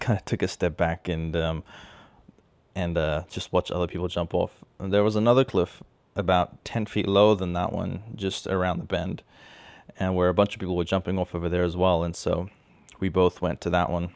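A man's voice: deep voice, level tone, moderate pace, darkish tone, smooth, no room sound. A young man casually telling a personal anecdote, rambling and correcting himself as he goes. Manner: rambling, self-correcting storyteller. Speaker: storyteller.

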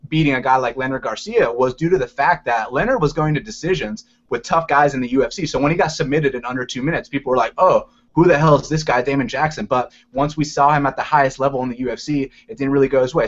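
A man co-hosting a casual fight-picks chat, talking with energetic, playful emphasis. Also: medium pitch, quick pace, hardly any pauses. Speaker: MMA podcast co-host. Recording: lo-fi muffled audio.

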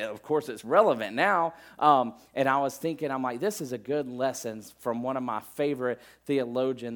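A middle-aged man preaching a sermon in a relaxed, conversational manner, with plenty of asides and filler words. His voice sits at an ordinary, mid-range pitch for a man. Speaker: pastor.

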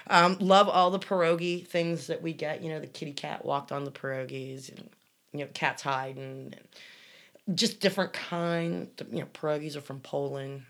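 Woman, middle-aged, low voice, blunt and cussing, casual co-host chat. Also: fairly even intonation, normal speed, a bit bright. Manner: blunt, storytelling, swears freely. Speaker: podcast co-host reading listener comments.

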